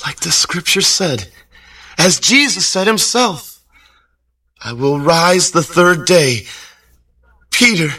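A man's voice: high voice, sharp tone, recorded from a distance, full character voice. An actor voicing an earnest young male disciple in an audio Bible drama, wondering and believing. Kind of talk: radio drama acting.

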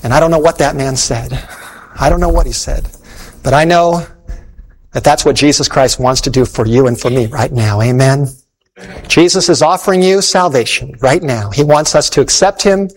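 A man's voice: mid-range voice, moderate pace, low-quality recording. A man preaching, telling an illustration story in an earnest, folksy way before calling listeners to faith.

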